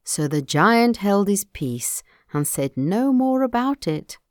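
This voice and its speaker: A woman reading a folktale aloud in a measured, expressive manner. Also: mid-range voice, dry recording, clean studio sound. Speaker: storyteller.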